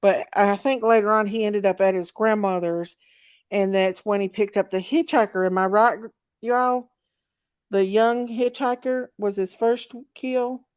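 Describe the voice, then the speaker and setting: In a dry, studio-quality recording, a livestream host speaks in a clear, resonant, mid-range voice with fairly even intonation and a measured pace. She has a Southern US accent, drawls in a chatty way, and reads out viewer comments during her casual chat stream.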